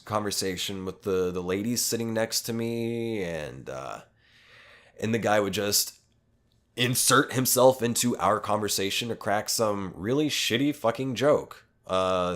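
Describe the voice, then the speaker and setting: A man hosting a podcast, telling a long story in a rambling, casual way with lots of swearing and self-aware asides. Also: fairly low pitch. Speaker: podcast host.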